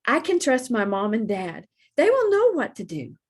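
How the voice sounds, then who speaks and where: A woman voicing a gentle, timid male dog who talks softly and earnestly in a storybook reading. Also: on the high side, huge pitch swings, normal speed, slightly rough, heavily acted.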